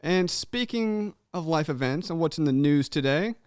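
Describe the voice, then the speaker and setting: A man's voice: fairly high pitch, lively intonation, normal speed, smooth, no room sound, clean studio sound. A young man hosting a podcast, chatting casually and animatedly, swearing freely and calling everyone "man.". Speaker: podcast host. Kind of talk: casual chat.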